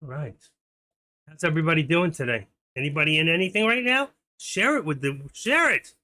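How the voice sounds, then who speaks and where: Bright-voiced man hosting a trading stream. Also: a little high, animated, brisk. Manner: chatty, talks to chat viewers by name. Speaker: stock trading livestream host. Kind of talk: casual live-stream chat while trading.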